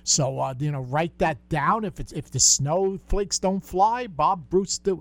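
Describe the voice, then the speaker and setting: A man's voice: a little high, a little slow. An older man hosting a call-in radio show, chatty and full of corny jokes. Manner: joking, chatty, folksy.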